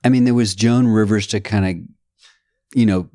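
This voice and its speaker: A middle-aged man from the United States, a podcast guest chatting in an animated, digressive way that slips into playful voices. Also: lowish voice, normal speed, no echo, studio quality. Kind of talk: casual conversation.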